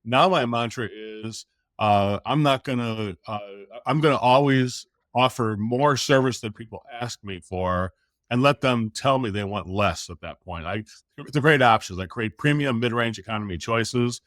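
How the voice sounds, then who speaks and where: A middle-aged American man spins a lively story as a podcast guest, acting out every quoted line and swearing casually along the way. His voice sits in an ordinary male pitch and is recorded close and dry, with no room sound. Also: normal speed, no echo. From United States. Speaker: sales coach guest.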